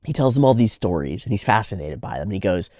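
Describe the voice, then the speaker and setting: Man, casual reaction commentary, low voice, lively swings, dry close sound. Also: fast talker, no room sound. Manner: animated, swears freely, frequent restarts. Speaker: reaction video host. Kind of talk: casual commentary on an anime episode.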